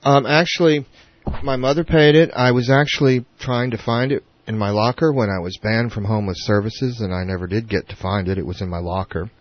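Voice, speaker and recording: A man's voice: lowish voice, fairly even intonation, fairly quick, muffled recording. A man guest on a talk show, telling a story hesitantly with many fillers. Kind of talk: casual conversational interview.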